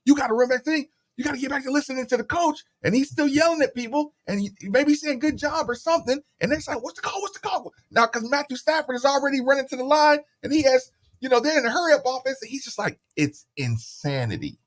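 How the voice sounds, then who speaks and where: A middle-aged man hosting a sports radio show, telling stories in a casual, animated way and acting out the voices of the people he quotes, into a studio microphone. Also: very high voice, fast, few pauses.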